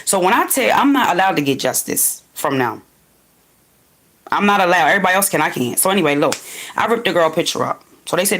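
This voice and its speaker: A woman's voice: mid-range voice, sing-song, quick pace, a bit bright. A woman from Wilmington, Delaware, ranting in an unscripted livestream monologue, profane and talking straight at her viewers. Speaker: livestream host.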